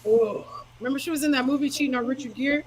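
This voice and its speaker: A woman's voice: sits high, fast talker, a crowd in the background, low-quality recording. Laughing, blunt woman podcast co-host. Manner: laughs often, bubbly and blunt. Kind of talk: casual chat.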